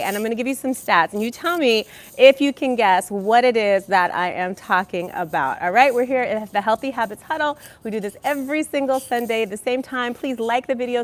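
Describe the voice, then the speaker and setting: A woman hosting a casual health livestream from Los Angeles, bubbly, greeting chat viewers with pet names and kisses, speaking into a headset. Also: fairly high pitch. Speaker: livestream host.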